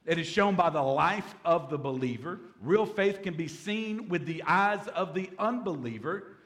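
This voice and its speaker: A man's voice: a little high, lively intonation, unhurried, fairly bright tone. A man, a pastor preaching a Bible-teaching sermon in a folksy way, with humorous asides.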